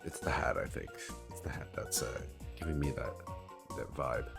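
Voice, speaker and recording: A man's voice: extremely low pitch, steady tone, moderate pace, creaky, fairly bright tone, faint music behind. A man casually commenting while streaming a game, rambling and thinking aloud.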